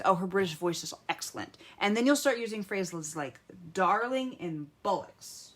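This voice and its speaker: A woman's voice: mid-range voice, lively intonation, moderate pace, few pauses, fairly bright tone. A woman hosting a live craft tutorial, chatting to viewers as she colors and muttering to herself as she picks pens. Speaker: craft demonstrator.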